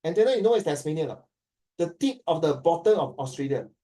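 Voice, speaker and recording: A Singaporean man teaching a class, animated and switching between languages as he acts out stories. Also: on the high side, brisk, distant mic. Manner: animated, code-switching, acting out quoted dialogue. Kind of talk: classroom talk to students.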